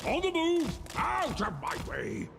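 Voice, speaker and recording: A gravelly battle-hungry dwarf. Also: male voice, very high-pitched, wildly swooping pitch, slow, noisy background, exaggerated voice. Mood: grim. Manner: clipped in-game unit barks. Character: gruff dwarf lords and slayers, male, battle-hungry. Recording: game audio with music behind.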